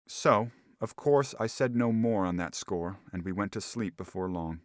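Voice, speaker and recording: Low-voiced man narrating a classic story. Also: moderate pace, few pauses, no echo, studio quality. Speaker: audiobook narrator.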